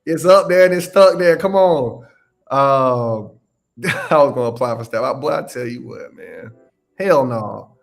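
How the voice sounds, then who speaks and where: A young man hosting a casual livestream Q&A as a mentor. He talks in an animated, slangy way, laughs often and repeats his phrases. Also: mid-range voice, normal speed, gravelly. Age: young adult. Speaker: independent adjuster mentor hosting a live Q&A.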